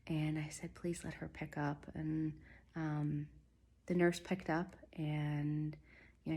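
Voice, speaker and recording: Low-voiced woman telling a personal story. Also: husky. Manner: soft, halting, many ums and pauses. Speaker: spiritual vlogger.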